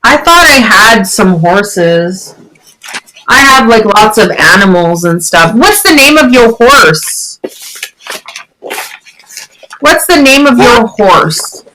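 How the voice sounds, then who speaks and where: A woman teaching English online to a child, asking encouraging questions in a bright, animated voice. She speaks slowly and clearly, and her pitch rises on questions. The sound comes through a computer headset mic. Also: slight background noise, poor audio. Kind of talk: one-on-one online lesson.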